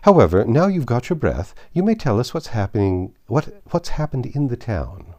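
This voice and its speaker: A man voicing a fussy, impatient old king who talks in a peevish, excitable way. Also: medium pitch, moderate pace, no room sound, voice pushed up, natural voice.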